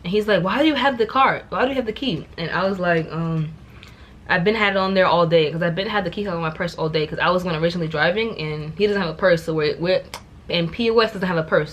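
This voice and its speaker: Animated young New woman telling a story. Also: sits low, slight background noise. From New York. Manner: animated, exasperated, repeats words for emphasis. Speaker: vlogger. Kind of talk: casual storytime.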